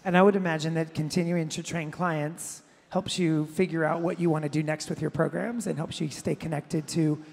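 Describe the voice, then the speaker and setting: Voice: mid-range voice, steady tone, moderate pace, gravelly, few pauses, a little mellow, breathy edge, long reverb tail. An interviewer asking long, curious questions in a live on-stage interview. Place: large event hall with audience.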